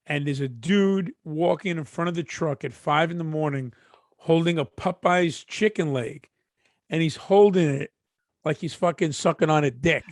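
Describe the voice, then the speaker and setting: Man, laid-back podcast co-host, profane, slightly high voice, dry close sound. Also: normal speed, no room sound. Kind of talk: casual chat.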